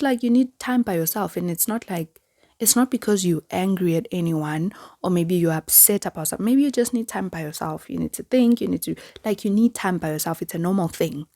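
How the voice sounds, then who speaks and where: Young woman host from South Africa, lowish voice, earnest solo storytelling with many "like" fillers, dry close mic. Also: no echo. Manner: earnest, frequent "like" fillers, animated quoting. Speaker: podcast host. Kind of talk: personal storytelling monologue.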